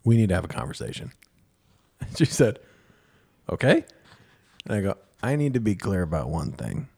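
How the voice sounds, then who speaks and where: A man's voice: lowish voice, animated, moderate pace, pauses often, darkish tone, husky. A man co-hosting a podcast, telling a story in casual chat, wry and laughing often, swearing freely. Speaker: podcast co-host.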